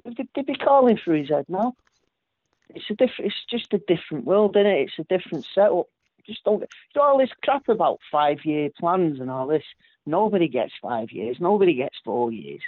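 A man's voice: on the high side, sing-song, normal speed, slightly rough, no echo. A man chatting casually about football, often tacking tag questions onto his sentences. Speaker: football podcast guest. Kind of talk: casual chat. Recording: tinny phone-like line.

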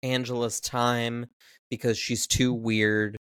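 A man co-hosting a podcast in casual chat about a film, relaxed and full of fillers. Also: mid-range voice, slow pace, clear, resonant tone, no room sound, studio quality. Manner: relaxed, many fillers like "um" and "you know". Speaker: podcast co-host.

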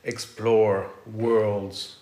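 Middle-aged male architect guest, lowish voice, excitable rambling, echoey room. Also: very slow. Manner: animated, rambling with frequent restarts. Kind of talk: casual conversational interview. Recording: roomy echo.

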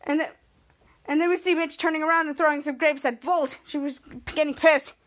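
A woman's voice: high voice, steady tone, a little fast, fairly bright tone. A woman podcast host casually recapping a TV episode, rambling with frequent restarts.

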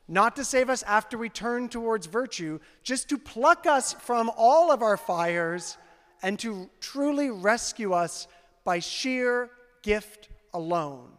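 High-voiced pastor preaching in a reverberant hall. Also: male voice. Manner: conversational, peppered with "like", building to loud fervor. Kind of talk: sermon. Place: church sanctuary. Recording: long reverb of a church hall.

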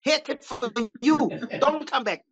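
A man's voice: extremely high pitch, unhurried, a little hiss or hum, voice pushed up. A man putting on a brusque older restaurant owner who barks broken-English orders at customers. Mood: shooing.

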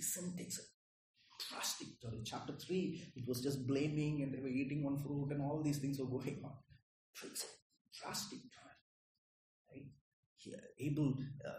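A man's voice: high-pitched, a little hiss or hum. A man preaching a sermon in a conversational way, often checking in with "Right?" and "Okay?". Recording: echoey room.

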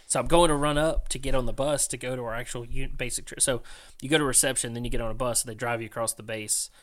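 A man's voice: mid-range voice, steady tone, fast talker, fairly bright tone. A young man, a podcast guest, casually telling stories with lots of fillers. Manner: chatty, many fillers like "like" and "man". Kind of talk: casual storytelling.

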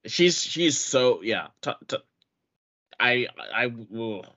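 A man's voice: mid-range voice, expressive, slow pace, bright, forceful tone. A man hosting a podcast in casual chat, blunt and full of hesitant fillers. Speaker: podcast host. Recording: dull lo-fi podcast audio.

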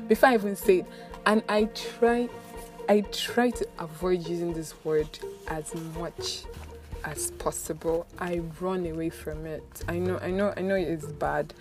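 Animated Nigerian woman vlogger. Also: mid-range voice, moderate pace. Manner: animated, laughs often, repeats words. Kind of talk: casual chatty storytelling. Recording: music playing underneath. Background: background music.

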